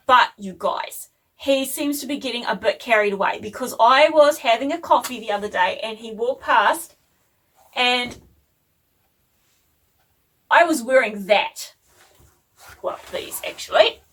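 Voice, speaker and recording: A woman chats through a home vlog, animated and self-deprecating. Her voice sits fairly high. She is recorded on a phone a little away from her. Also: distant mic. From New Zealand. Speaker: vlogger. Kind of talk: chatty home vlog storytelling. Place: home workspace.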